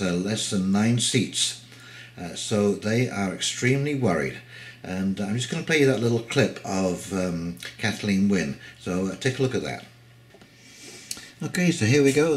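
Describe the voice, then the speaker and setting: A man giving casual, opinionated political commentary with many hesitations. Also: lowish voice.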